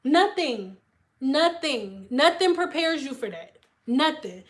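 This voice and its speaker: A woman in her thirties who used to be a hairstylist talks bluntly to viewers on a phone-camera livestream, swearing freely and repeating phrases for emphasis. Her voice is high with big pitch swings and a slow pace.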